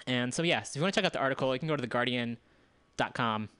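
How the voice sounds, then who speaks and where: A man's voice: medium pitch, very fast, fairly bright tone, smooth, no echo. A man hosting a community radio show, running through news items in a loose, casual way, with asides and restarts. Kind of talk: casual news roundup and commentary.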